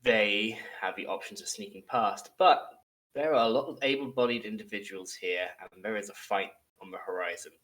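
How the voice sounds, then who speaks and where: A man hosting a tabletop game as dungeon master, narrating in a relaxed, measured way. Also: lowish voice, low-quality recording.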